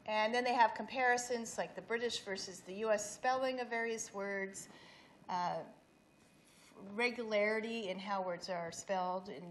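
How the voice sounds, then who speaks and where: A woman's voice: medium pitch, a little hiss or hum. A middle-aged woman giving an academic presentation at an event, explaining slides with frequent restarts. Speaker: speaker giving a talk. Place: event hall.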